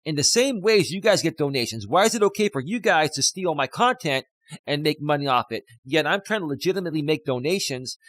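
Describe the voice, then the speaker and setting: A man's voice: fairly high pitch, a bit bright, no room sound. A man hosting a live stream as a life coach, ranting at critics and getting emotional while reading out super chats. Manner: indignant rant turning to emotional gratitude. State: emotional, near tears.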